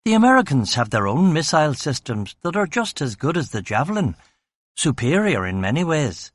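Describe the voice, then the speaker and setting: A cautious, formal factory manager weighing every word, voiced by a man narrating an audiobook. He speaks in measured, precise sentences at an ordinary pitch. The sound is dry and close. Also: big pitch swings, no echo. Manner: measured, careful explanations.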